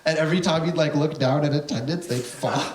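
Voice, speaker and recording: Before a live crowd in an echoey room, a young comedian races through animated stories at a quick pace, cursing freely and impersonating the characters involved. His voice is on the high side, with slight background noise.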